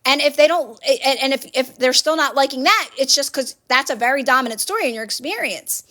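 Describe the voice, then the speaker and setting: A woman hosting a phone livestream offers viewers casual motivational advice, coaching in an earnest, repetitive way. Her voice sits high and is bright and forceful, and she speaks fairly quickly.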